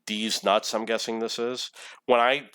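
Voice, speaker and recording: A man's voice: fairly low pitch, level tone, a little slow, fairly bright tone, smooth, no room sound. A man in his forties giving casual, rambling commentary over his own gameplay replay, swearing often when irritated. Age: 40s. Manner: rambling, profane, easily irritated.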